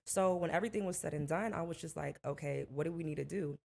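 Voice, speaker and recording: A young woman in her twenties talks through her family's ordeal in animated, indignant bursts. Her voice sits a little low for a woman. It is an easygoing podcast chat, but she is fired up. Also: fast, vocal fry. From Miami. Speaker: guest, rapper's wife. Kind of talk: casual interview talk.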